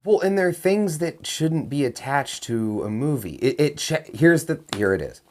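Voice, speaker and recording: A man co-hosting a casual movie-review podcast, animated, with quick interjections and wry asides. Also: on the high side. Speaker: podcast co-host.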